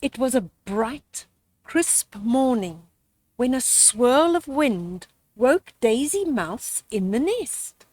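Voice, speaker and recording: An older woman reading a children's story aloud outdoors, slow, gentle and expressive. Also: fairly high pitch.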